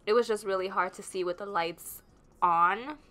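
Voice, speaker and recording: A woman's voice: mid-range voice, moderate pace, bright, forceful tone. A pregnant woman vlogger narrating her video in a chatty, rambling way with lots of fillers. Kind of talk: casual voice-over narration.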